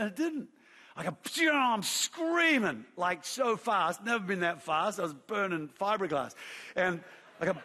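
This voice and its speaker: A man's voice: high voice, unhurried, long pauses. Aussie pastor guy, middle-aged, preaching w lots of story, voice rings around a big hall. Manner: animated storyteller, acts out shouts and quotes. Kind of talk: sermon with storytelling. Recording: long hall reverb.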